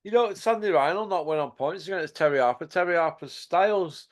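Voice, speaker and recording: A man's voice: on the high side, a little fast. A man hosting a casual boxing chat, blunt and sweary, laughing often. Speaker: host.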